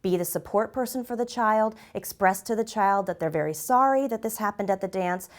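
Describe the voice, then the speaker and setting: A woman presenting a scripted mental health lesson, calm and explanatory, often checking in with "right?". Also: medium pitch, fairly quick. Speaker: clinical psychologist presenting a mental health segment. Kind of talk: scripted educational talk to camera.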